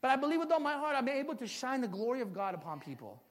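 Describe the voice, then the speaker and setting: A man's voice: extremely high pitch, very animated, fast. A man in his forties preaching a sermon, telling stories and building to impassioned emphasis. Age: 40s.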